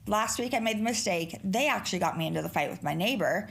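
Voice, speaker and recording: With a gravelly, slightly bright medium-pitched voice, this middle-aged solo podcast host talks quickly and animatedly. Her casual chat rambles and is full of profanity.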